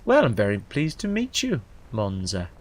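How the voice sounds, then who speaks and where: A silky female assassin purrs low and soft, lingering on each phrase, as a man puts her on. She teases and flirts, with her voice rising and falling. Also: wildly swooping pitch, moderate pace. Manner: soft, purring and teasing.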